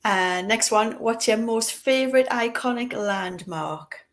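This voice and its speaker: A woman's voice: fairly high pitch, a little slow. A woman with a Geordie accent co-hosting a podcast, asking questions in a playful way and giggling often. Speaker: podcast co-host. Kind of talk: casual chat.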